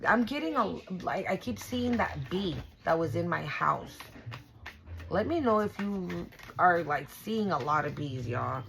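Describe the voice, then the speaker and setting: A woman's voice: fairly low pitch, lively intonation, unhurried, vocal fry, fairly bright tone, slight background noise, rough recording. A woman doing a casual tarot reading for her viewers, blunt and profane, repeating and restarting herself for emphasis. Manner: blunt and profane, swears freely; emphatic and repetitive, restarts often. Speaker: tarot reader.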